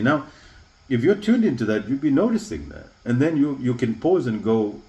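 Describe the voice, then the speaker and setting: A man's voice: mid-range voice, big pitch swings, moderate pace, a little mellow, rough recording. A man, a leadership coach, explaining ideas thoughtfully in an interview and acting out short example lines. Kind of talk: reflective interview conversation.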